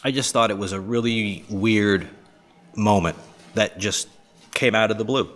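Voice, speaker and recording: A man's voice: lowish voice, unhurried, fairly bright tone. Rambling, profane man telling stories. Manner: rambling, profane, lots of fillers. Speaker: podcast host. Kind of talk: casual storytelling monologue.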